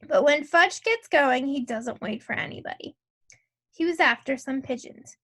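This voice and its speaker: A woman reading a children's novel aloud as narrator, telling the story in a clear, measured way. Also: high voice, sharp tone.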